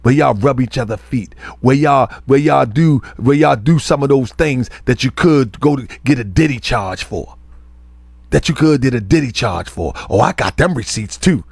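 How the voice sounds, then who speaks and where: A man's voice: medium pitch, moderate pace, vocal fry, a little mellow, husky, no room sound. A man, a religious teacher and show host, delivering a heated, confrontational online rant full of scolding repetition.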